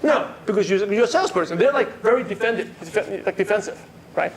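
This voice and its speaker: Male sales trainer, high voice, quizzes a live room, faint hum behind. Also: lively intonation, a little fast. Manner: asks the audience questions and repeats their answers. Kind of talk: live workshop lecture. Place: meeting room with a live audience.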